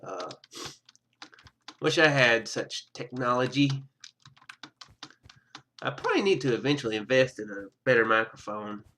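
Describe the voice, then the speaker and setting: A man talks casually over a video game in an unhurried, rambling way. His voice is bright and forward, and he stammers and cuts himself off with chuckles. He records through a simple webcam microphone. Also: medium pitch, slight background noise. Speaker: gaming YouTuber. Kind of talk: rambling casual gameplay commentary.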